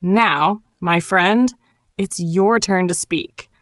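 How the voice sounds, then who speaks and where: A woman teaching an English lesson, narrating a simple story and gently coaching learners to repeat words, with warm encouragement. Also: lowish voice, drawn-out words, no room sound. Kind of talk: slow ESL lesson narration.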